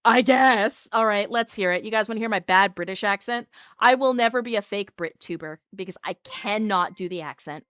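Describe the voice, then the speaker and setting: A woman VTuber chatting casually on a live stream, animated and self-mocking. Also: mid-range voice, fairly quick, hardly any pauses, dry recording, studio quality.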